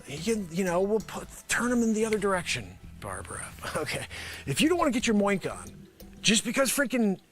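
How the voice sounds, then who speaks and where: Excitable high-voiced man doing a comic pitch. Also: a little fast, soft background music. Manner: rambling, sarcastic, excitable. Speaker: host. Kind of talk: comedic improvised pitch.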